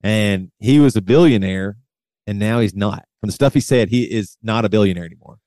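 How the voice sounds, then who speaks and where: A man's voice: fairly low pitch, mellow, no room sound, studio quality. A man co-hosting a casual podcast, reading out celebrity news with lots of fillers and restarts. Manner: reads figures aloud slowly, many fillers and restarts. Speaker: podcast co-host.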